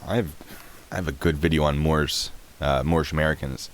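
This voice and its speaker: A man's voice: a bass voice, steady tone, brisk. A man in his thirties hosting a live stream, chatting casually and rambling while answering chat questions.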